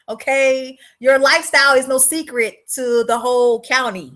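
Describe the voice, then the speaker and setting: Bright, high-voiced woman chatting bluntly. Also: normal speed. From South Carolina. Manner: blunt, profane, chatty, greets viewers by name. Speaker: livestream host selling womb-care products. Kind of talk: casual livestream chat.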